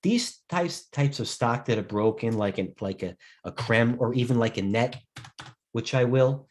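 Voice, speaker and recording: A man's voice: mid-range voice, steady tone, moderate pace, a little mellow, a little hiss or hum. A middle-aged man hosting a live market commentary stream, tired and rambling as he digresses and stops to answer viewers' questions. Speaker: host and stock broker.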